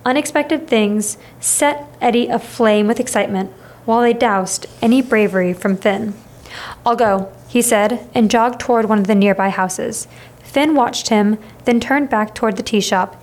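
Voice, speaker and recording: A woman reading a children's novel aloud in a steady, expressive way. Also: a little high, moderate pace. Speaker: reader. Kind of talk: storybook read-aloud.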